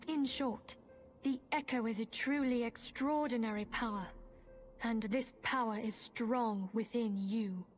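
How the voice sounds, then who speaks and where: A woman playing a solemn, learned female mage in a game cutscene, speaking in a formal, measured way with archaic phrasing. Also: a little high, natural voice. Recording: muffled game audio with soft music.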